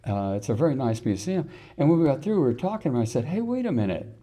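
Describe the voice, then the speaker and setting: A man's voice: medium pitch, big pitch swings, fast talker, warm tone, highs cut off. An older man giving a folksy history lecture, telling stories and asking the audience rhetorical questions. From Texas. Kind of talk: public lecture.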